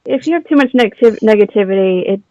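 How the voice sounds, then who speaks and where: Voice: mid-range voice, expressive, fast talker, a little mellow, dry recording, lo-fi sound. A live-stream co-host who chats casually and chimes in with short questions. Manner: inquisitive, chiming in with short questions. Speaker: livestream co-host.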